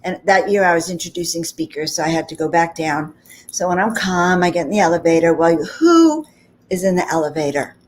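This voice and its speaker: Chatty woman telling a story, lowish voice. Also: fairly quick, a little hiss or hum. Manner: animated anecdote with frequent 'okay?' and 'you know' asides. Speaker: host of a spiritual talk channel.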